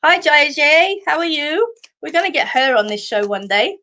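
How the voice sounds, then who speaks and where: An Australian woman hosting a live stream of psychic card readings, talking in a warm, chatty way, full of fillers, and calling viewers sweetheart. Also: high voice, expressive, normal speed. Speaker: psychic medium host.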